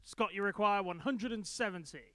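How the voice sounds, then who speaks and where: A man calling darts scores in drawn-out, sing-song announcements. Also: sits high, fairly bright tone. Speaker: darts match caller.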